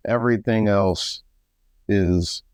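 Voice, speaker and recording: Slow, low-voiced man with a smooth tone. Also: no echo, clean studio sound. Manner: calm and slow, mostly brief agreement. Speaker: podcast co-host. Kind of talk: casual chat.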